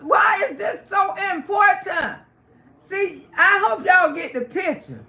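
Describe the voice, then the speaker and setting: An older woman hosting a live stream, chatting loudly with viewers, laughing often and swearing freely as she gossips. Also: sits high. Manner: loud, cackling, outspoken gossip. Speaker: livestream host.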